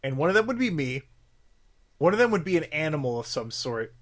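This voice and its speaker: A man's voice: on the high side, big pitch swings, a little fast. Rambling young podcast guy. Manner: rambling, lots of filler words and swearing. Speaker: podcast co-host. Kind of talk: casual podcast chat.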